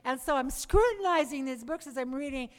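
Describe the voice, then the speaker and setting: Middle-aged woman with a voice set a touch high, telling an animated testimony to a live audience, echoing in a big hall. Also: a little fast. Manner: lively storyteller who calls for "Amen" and "Praise the Lord". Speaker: speaker giving her conversion testimony. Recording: long reverb of a hall.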